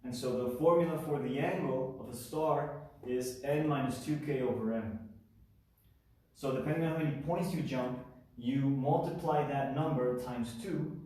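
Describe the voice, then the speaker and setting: A man talks through a geometry lesson in an informal, thinking-aloud style. His voice is dark and mellow. He sits back from the mic in a very echoey room. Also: medium pitch, normal speed, far from the mic. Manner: thinking aloud, self-correcting, informal asides. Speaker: math video teacher. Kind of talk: casual whiteboard explanation.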